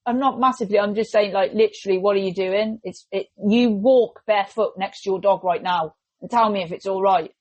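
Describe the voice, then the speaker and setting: English woman host, casual podcast chat, animated and talkative, dry close sound. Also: medium pitch, fairly quick, few pauses, no room sound, dull audio. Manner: chatty, animated, jumps into quoted voices.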